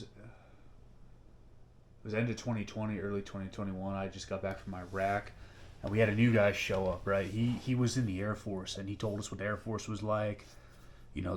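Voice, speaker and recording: A man's voice: on the low side, slight background noise. Blunt, profane man host. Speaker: host, former soldier. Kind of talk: casual interview.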